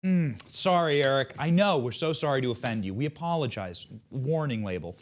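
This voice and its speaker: A man's voice: on the high side, lively intonation, brisk, hardly any pauses. A man hosting a show, delivering scripted political commentary in a mocking, sarcastic way. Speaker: show host.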